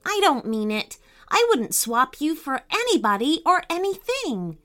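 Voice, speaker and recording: A woman's voice: very animated, unhurried, sharp tone, heavily acted. A woman doing Annika, an eager young girl. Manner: high, eager delivery. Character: bright, kind, bold young girl. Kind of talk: children's storybook reading.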